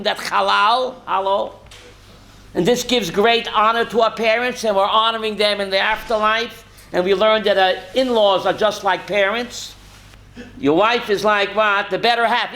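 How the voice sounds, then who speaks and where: High-voiced rabbi with a gravelly edge. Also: male voice, pushed and bright. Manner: quizzes listeners and calls on them by name; emotional storytelling, mixes in Yiddish and Hebrew words. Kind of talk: teaching a Torah class.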